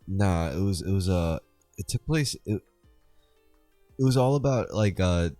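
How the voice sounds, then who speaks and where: A man co-hosting a podcast in casual chat, excitable and rambling, swearing often. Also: unhurried, dry recording, faint music behind. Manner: excitable, swearing, rambling, big pitch swings. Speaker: podcast co-host.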